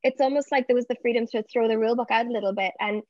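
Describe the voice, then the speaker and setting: A woman's voice: a little high, fairly even intonation, racing, no room sound. A woman being interviewed as an actress over a video call, answering fluently and reflectively. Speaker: actress guest. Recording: dull lo-fi, dry.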